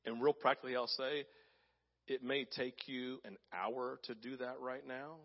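A man preaching a sermon as pastor, animated, acting out voices, sometimes dropping to a hushed tone. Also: medium pitch, moderate pace, lo-fi sound. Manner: animated, acts out voices in quotes; drops to soft, hushed tones for emphasis.

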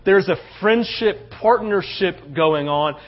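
A pastor preaching a sermon in a conversational, animated way, acting out quotes and often checking in with "right?". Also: male voice, sits high, slow pace, lo-fi sound.

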